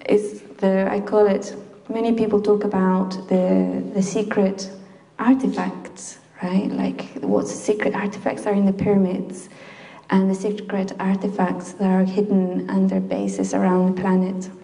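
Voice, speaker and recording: A woman's voice: medium pitch, little pitch movement, unhurried, creaky, dark tone. A woman from Chile giving an informal talk to a group in a library meeting room, chatty, with frequent laughs and fillers. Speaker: speaker addressing a group. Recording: echoey room.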